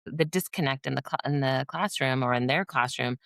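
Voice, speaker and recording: A woman with a low speaking voice talks frankly about coaching teachers, sliding into little acted-out scenes as she goes. The recording is dry and close, with no room sound. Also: fairly quick, creaky, no echo. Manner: candid, animated, acts out teacher dialogue. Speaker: behavior coach and former dean of students. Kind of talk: podcast interview.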